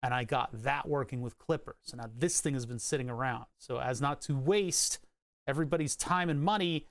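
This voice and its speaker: A man's voice: mid-range voice, brisk, no room sound. A man streaming live, rambling about electronics in casual, profane chat with frequent restarts and hiccups. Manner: rambling, profane, self-interrupting.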